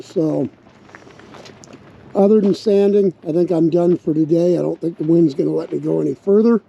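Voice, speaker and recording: A man in a relaxed, casual vlog, thinking aloud as he talks through a project outdoors, with a slight bark in his voice. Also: a little high, moderate pace, creaky. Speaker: RV vlogger building a truck tank. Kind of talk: casual workshop vlog narration. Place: outdoors at a windy campsite. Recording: dull lo-fi outdoor recording with wind noise.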